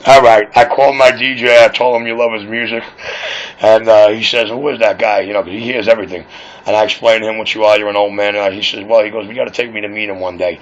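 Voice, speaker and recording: This radio operator's voice is on the low side, with little pitch movement and a quick pace. He rambles casually on air over a radio link, boastful and freely cursing, in dull lo-fi radio sound.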